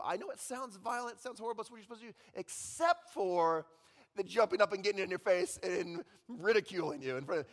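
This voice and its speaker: A man's voice: sits high, fairly bright tone, in a large hall. A man in his thirties preaching a sermon, telling a story and checking in with the crowd, with okay and all right. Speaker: pastor.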